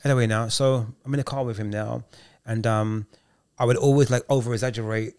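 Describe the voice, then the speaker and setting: A man co-hosting a podcast, telling stories in a lively, slangy, casual way. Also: mid-range voice, fairly quick, clean tone. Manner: animated storyteller with street slang. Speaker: podcast co-host, youth worker.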